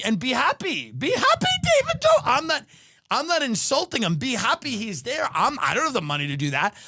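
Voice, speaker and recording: A man rants through a comedy podcast bit, brash and profane, piling on sarcastic asides. His voice sits high for a man and swoops all over the place, recorded dry and close with no room sound. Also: bright, forceful tone, dry recording. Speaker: podcast host. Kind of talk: comedic rant.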